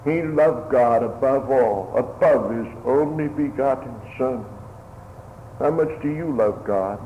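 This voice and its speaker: Male preacher, slow solemn pulpit delivery, tinny radio sound with a long hall echo. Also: medium pitch, a little hiss or hum. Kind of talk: sermon. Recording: phone-like radio broadcast in a reverberant hall.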